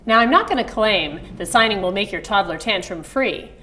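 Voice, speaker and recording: A woman's voice: medium pitch, animated, moderate pace, sharp tone. A middle-aged woman teaching baby sign language in a friendly online video lesson, acting out parent phrases with a sweet sing-song emphasis.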